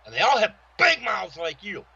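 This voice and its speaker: A man putting on a menacing veteran wrestler who growls threats and then bursts into shouts. The voice is gravelly, husky and pitched high, with bright, cutting edges. The sound is dull and lo-fi. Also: huge pitch swings, normal speed, exaggerated voice.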